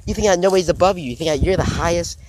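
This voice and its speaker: A man's voice: high-pitched, rapid-fire. A young man vlogging outdoors about fitness, rambling and swearing with lots of stumbling restarts. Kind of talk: rambling off-the-cuff vlog. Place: outdoors in a rural spot. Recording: loud outdoor background noise.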